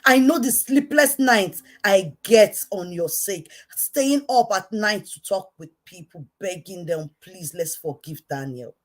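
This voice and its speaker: A woman with a Nigerian accent giving an impassioned rant to camera, repeating herself emphatically and swinging between quiet intensity and shouting. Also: mid-range voice, expressive, unhurried, hardly any pauses. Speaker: online commentator.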